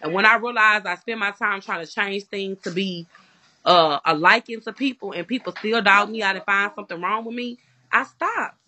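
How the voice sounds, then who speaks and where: A woman's voice: mid-range voice, normal speed, sharp tone, no echo. A woman vlogger in casual chat, talking bluntly with emphatic outbursts.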